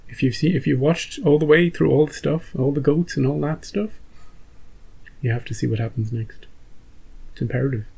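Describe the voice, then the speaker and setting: A man's voice: medium pitch, normal speed, gravelly, warm tone, slightly rough, rough recording. A man hosting a reaction channel, chatting casually and rambling through an episode recap with many restarts. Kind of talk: casual post-episode chat.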